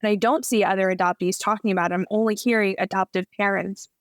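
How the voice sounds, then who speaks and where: A woman's voice: medium pitch, fairly even intonation, fast talker, no room sound, clean studio sound. A woman in her thirties, a podcast guest, chatting casually and telling her story with plenty of "like" fillers. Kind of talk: casual interview chat.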